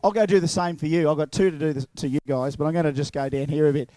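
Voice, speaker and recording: A man's voice: fairly high pitch, steady tone, quick pace, warm tone, no echo. An Australian man announcing live at an outdoor event over a handheld microphone, chatty and jokey as he calls out to the crowd. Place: outdoors at a racetrack. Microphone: handheld microphone and horn speaker.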